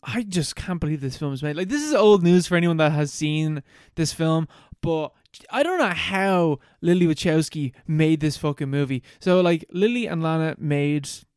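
Loose, foul-mouthed podcast host, bright and clear. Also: male voice, on the high side, moderate pace, few pauses, no room sound, clean studio sound. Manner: loose, profane, animated plot recap. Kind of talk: casual chat.

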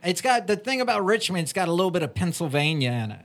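A man's voice: high voice, very animated, fast. Southern-twanged man co-host. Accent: Virginia Southern twang. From Virginia. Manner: rambling, self-conscious, joking. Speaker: podcast co-host. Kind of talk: casual podcast chat.

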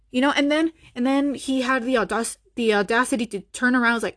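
A young woman rants bluntly on her own podcast, swearing and dripping sarcasm in a casual monologue. Her voice sits on the high side with a fairly bright tone, and she moves quickly with few pauses.

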